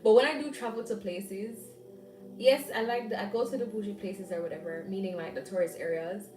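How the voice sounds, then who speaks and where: A woman's voice: mid-range voice, fairly quick, dark tone, reverberant, distant mic, soft background music, rough recording. A young woman with a Jamaican accent, chatting casually to her viewers with rambling asides and frequent laughs. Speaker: vlogger. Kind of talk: casual chat.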